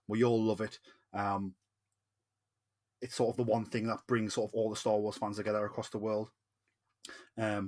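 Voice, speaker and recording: An enthusiastic man with a Geordie accent hosts a casual podcast chat. His voice sits a little low, and he fills pauses with ums as he talks. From Newcastle, northeast England. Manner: enthusiastic, chatty, many ums. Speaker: podcast host. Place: home podcast setup in Newcastle.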